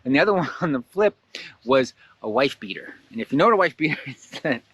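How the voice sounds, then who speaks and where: A man hosting a casual guided blessing exercise, animated and laughing often, jumping into excited high voices when he quotes someone. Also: fast talker, dry recording, muffled recording. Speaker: host guiding a blessing exercise. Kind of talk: casual guided meditation talk.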